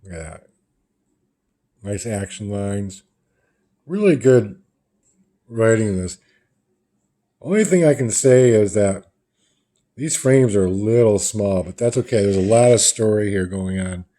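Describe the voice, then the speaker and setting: Brief: male comic reviewer, low pitch, rambling casual recap. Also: unhurried, pauses often, mellow. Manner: loose, rambling retelling of comic panels.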